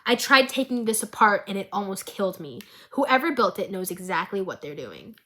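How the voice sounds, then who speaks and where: A woman's voice: medium pitch, big pitch swings, normal speed, pushed and bright, pitched below the performer's own voice. Woman doing a tense, anxious young inventor. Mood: worried. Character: anxious young male inventor turned politician.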